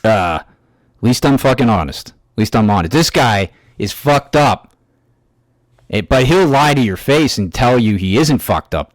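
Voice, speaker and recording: A man ranting in an angry, heavily profane reaction commentary, with halting restarts and fillers. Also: fairly low pitch, no room sound. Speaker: YouTube commentator.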